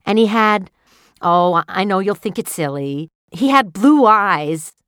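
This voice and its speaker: A woman's voice: fairly low pitch, a little slow, fairly bright tone, smooth, no echo, studio quality, voice pushed up. A woman voicing an eager, wondering alien wife who tells of a strange dream, in a read-aloud story. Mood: excited.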